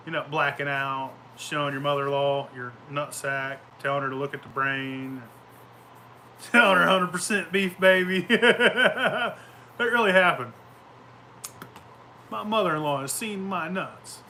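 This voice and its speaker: A brash, foul-mouthed man spins loose stories, breaking into laughter as he goes. His voice sits a little high and rings bright and forceful. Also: a little hiss or hum. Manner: profane, boisterous, laughs often. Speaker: show host. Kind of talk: casual rambling storytelling.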